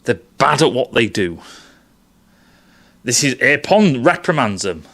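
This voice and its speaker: A man's voice: medium pitch, sing-song, measured pace, gravelly, fairly bright tone. A man giving a casual, profane, rambling film analysis. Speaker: film commentator.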